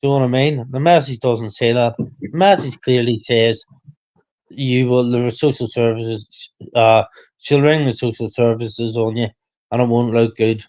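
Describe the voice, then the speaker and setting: A man's voice: medium pitch, fairly even intonation, normal speed, darkish tone. A man hosting a casual livestream chat, rambling and repeating himself, getting heated.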